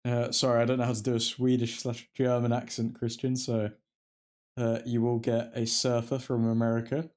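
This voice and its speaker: A man with a medium-pitched, monotone, slightly mellow voice speaks at a moderate pace. He's hosting a live football watchalong, reacting to plays as they happen and chatting with the people watching along.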